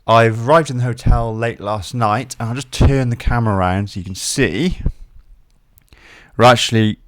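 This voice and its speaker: A man's voice: medium pitch, normal speed. A man vlogging casually to camera, chatty and self-deprecating. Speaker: motorcycle vlogger.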